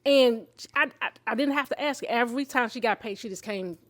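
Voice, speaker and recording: A woman in her fifties telling her own story of illness and faith, candid and emotional, in an expressive conversational way. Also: fairly high pitch, brisk. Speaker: show host sharing her own story. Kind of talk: personal testimony in conversation.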